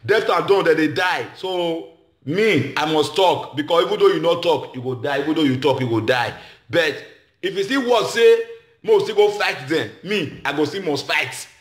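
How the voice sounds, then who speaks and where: Nigerian Pidgin-speaking male comedian, high voice, passionate speech in a roomy space. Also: lively intonation, normal speed. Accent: Nigerian Pidgin English. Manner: emphatic, repetitive, shifts between Pidgin and English. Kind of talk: impassioned speech to a gathering.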